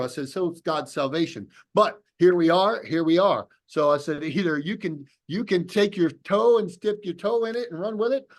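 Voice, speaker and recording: A middle-aged man telling a personal story on a video call, acting out both sides of old phone calls. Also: on the high side. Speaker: speaker telling his story.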